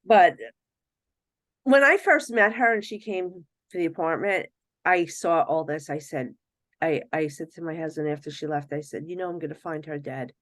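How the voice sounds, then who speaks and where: Animated woman telling stories, dry sound. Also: deep voice, normal speed, no room sound. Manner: animated, acts out quoted voices, laughs often. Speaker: psychic medium guest. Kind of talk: casual storytelling in a podcast interview.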